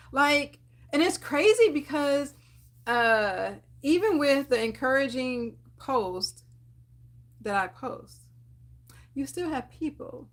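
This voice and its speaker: Upbeat encouraging woman vlogger. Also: sits high. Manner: animated, laughs often, preachy encouragement with fillers. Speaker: dental hygienist and channel host. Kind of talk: casual encouraging talk to camera.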